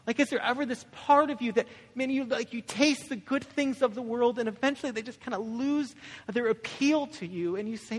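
Speaking at a normal speed in a very high voice, a young adult pastor from Michigan, USA tells stories and keeps asking "right?" during his conversational sermon. The hall echoes with long reverb.

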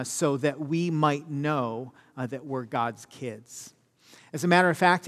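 A man giving a sermon as pastor, conversational and self-deprecating, full of fillers. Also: fairly high pitch. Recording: long reverb of a church hall.

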